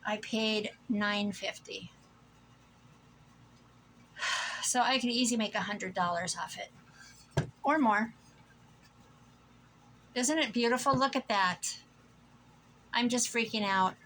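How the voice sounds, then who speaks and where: A woman's voice: a little high, takes it slowly, long pauses, a bit bright, a little hiss or hum, rough recording. A middle-aged woman from Iowa chatting casually to camera about her thrift finds, gushing and rambling. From Iowa, USA. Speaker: thrift vlogger. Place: home room.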